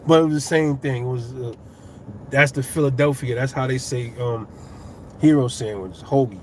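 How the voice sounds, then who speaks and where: A man's voice: mid-range voice, measured pace, pauses often, a little hiss or hum. Profane New York man talking boxing. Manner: profane, rambling, heated at times. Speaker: boxing YouTuber. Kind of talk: casual fight commentary.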